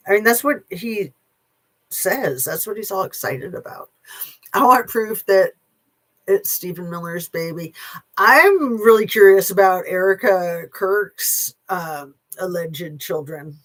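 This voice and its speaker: A channel host offers casual opinion commentary, sarcastic and blunt, rambling with filler pauses and the occasional curse word. The voice is medium-pitched, expressive, and fairly bright.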